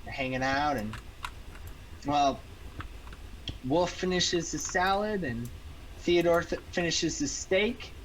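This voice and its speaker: A man's voice: fairly high pitch, slow, long pauses, fairly bright tone, a little hiss or hum, low-quality recording. A man improvising a silly story while gaming, rambling and repeating words. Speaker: gamer telling a story. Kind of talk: improvised storytelling on a game stream.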